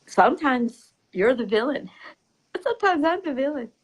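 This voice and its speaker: Soft-spoken woman sharing spiritual reflections. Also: high-pitched, sing-song, moderate pace, husky, rough recording. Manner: soft and intimate, often dropping to a whisper; laughs easily. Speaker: spiritual teacher.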